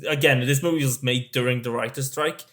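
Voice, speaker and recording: A man's voice: mid-range voice, fairly even intonation, a bit bright. A man co-hosting a casual film podcast, swearing and restarting his sentences often. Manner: halting, sweary, many restarts. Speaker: podcast co-host.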